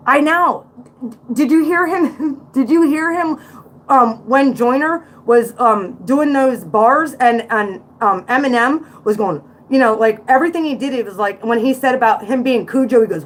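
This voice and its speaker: Woman in her forties, Central Pennsylvania accent, outspoken livestream host, lively pitch, raised voice. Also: measured pace. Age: 40s. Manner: blunt, outspoken, preachy asides. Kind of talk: casual music reaction livestream.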